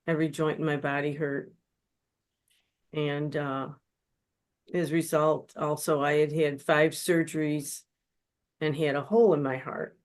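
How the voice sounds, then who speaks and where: Slow, earnest woman telling her story. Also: sits low, level tone, a little mellow. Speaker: guest speaker, spiritual counselor. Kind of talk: personal testimony talk. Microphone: webinar microphone.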